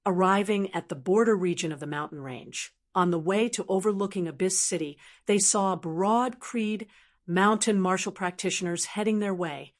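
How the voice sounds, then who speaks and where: A woman narrating a fantasy audiobook in a steady, even reading voice. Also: medium pitch, moderate pace. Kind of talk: scripted narration.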